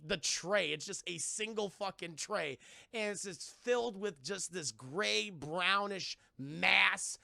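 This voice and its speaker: A man reviewing a cartoon on a live stream, animated and profane, talking to his chat. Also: high voice, slow pace, gravelly, no room sound, clean studio sound. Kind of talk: casual live-stream commentary.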